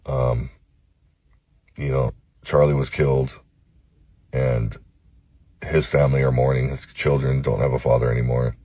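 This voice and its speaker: A man from Los Angeles recording a phone-camera apology video, halting and cursing, with many pauses and fillers. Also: very deep voice, level tone, warm tone, no room sound. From Los Angeles, United States. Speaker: vlogger.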